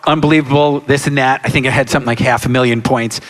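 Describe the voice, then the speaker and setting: A man in his sixties, a guest on a live convention panel, telling lively anecdotes and acting out quotes and sound effects. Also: medium pitch, fast talker. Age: 60s. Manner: animated storyteller, acts out quotes and sound effects. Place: large hall with live audience. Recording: reverberant hall.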